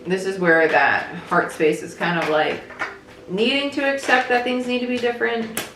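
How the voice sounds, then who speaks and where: Speaking at normal speed with a fairly high, fairly even voice, a young woman reads tarot in a relaxed, talkative way. She works through her thoughts out loud and frequently asks her listeners "right?" Background noise, faint music, and an echoey room surround her.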